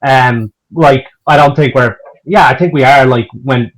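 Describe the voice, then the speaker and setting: A man's voice: mid-range voice, a little slow, low-quality recording. An Irish man, a band member, chatting casually in an interview, rambling with lots of restarts and fillers. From Ireland.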